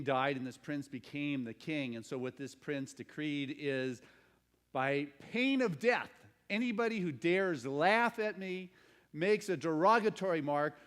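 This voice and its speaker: A male pastor telling a story in a sermon, animated and building to loud emphasis. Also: medium pitch.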